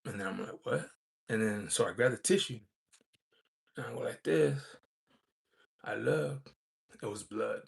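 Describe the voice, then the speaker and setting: Casting note: a man with a gravelly, rough voice, rambling casual storyteller. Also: on the low side, unhurried, pauses often. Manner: rambling, many fillers and restarts. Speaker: vlogger.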